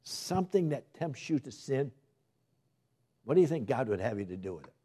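A man's voice: medium pitch, sing-song, normal speed, warm tone, slightly rough. A man preaching a sermon, putting questions to the congregation, answering them himself and repeating his exhortations with urgency.

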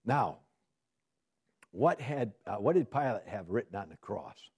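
A man's voice: fairly low pitch, very animated, a little slow, darkish tone, husky. A man teaching a Bible study sermon. He asks his listeners questions and answers them himself, and his delivery climbs into emphatic bursts.

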